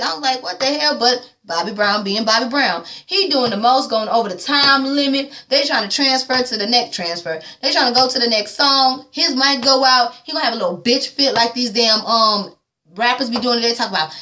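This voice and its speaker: A woman vlogger runs through a movie recap in loose, profane chat. Her voice sits a bit high and comes out bright and sharp, and she drops into the characters' lines as she goes. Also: normal speed, slight background noise.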